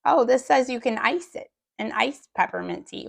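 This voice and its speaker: A middle-aged woman with a rough, gravelly voice chatting casually to viewers as she unpacks a food bank haul, joking in small asides. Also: a little high, normal speed.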